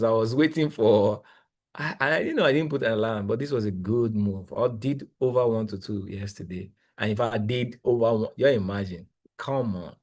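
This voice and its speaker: A young man, coaching traders live while sharing his screen, talking in an excitable, exclamatory, rambling way with lots of repeats. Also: lowish voice. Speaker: trading coach. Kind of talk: live screen-share trading analysis.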